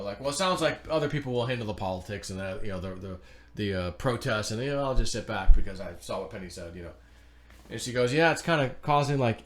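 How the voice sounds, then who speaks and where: A man's voice: medium pitch, a little mellow. Man rambling through a casual monologue. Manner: rambling, conversational, full of "you know"; emphatic when warning. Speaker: show host.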